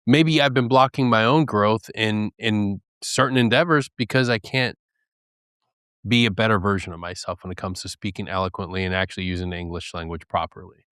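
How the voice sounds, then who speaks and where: Smooth low-voiced man, earnest podcast talk. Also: brisk, a bit bright, no echo, studio quality. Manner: earnest, candid storytelling with acted quotes and laughs. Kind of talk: casual podcast chat.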